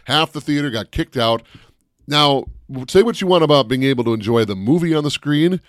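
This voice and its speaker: A man co-hosting a casual chat, telling stories with lively energy and shouting out the voices of people in them. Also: a little high, a little fast, no room sound, clean studio sound. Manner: animated storyteller, shouts out quoted voices. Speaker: co-host.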